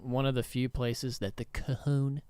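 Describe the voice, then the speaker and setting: A man's voice: medium pitch, little pitch movement, normal speed, darkish tone, clean tone, no room sound. A young man co-hosting a podcast, talking casually with blunt, dry humor. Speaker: podcast co-host, band member. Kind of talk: casual chat. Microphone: podcast mic.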